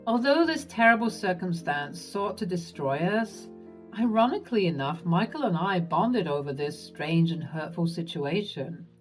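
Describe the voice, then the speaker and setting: A woman narrating a first-person story in an expressive, lively way. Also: fairly low pitch, normal speed, soft background music.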